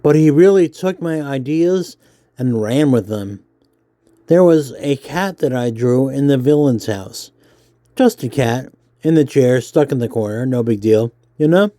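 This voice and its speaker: Man, nerdy voice, mellow tone, easygoing read-aloud with fillers. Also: medium pitch, measured pace, no echo, studio quality. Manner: self-described nerdy voice, relaxed with fillers. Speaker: comics vlogger. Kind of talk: casual reading aloud while drawing.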